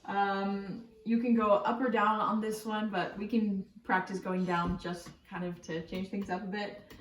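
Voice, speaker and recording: A woman voice teacher explaining warm-ups in a relaxed, chatty way, with frequent ums and likes. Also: mid-range voice, a little slow. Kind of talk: casual spoken singing lesson. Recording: roomy echo from a distant mic.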